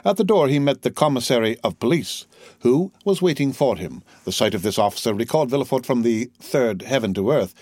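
A man reads a classic novel aloud as an audiobook narrator. His middle-pitched voice stays steady and measured. The recording is dry, with no room sound. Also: no echo.

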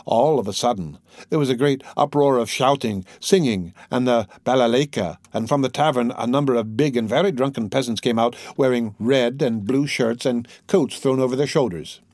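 A man narrates an audiobook, telling the story expressively in a medium-pitched voice at normal speed. The recording is dry, with clean studio sound.

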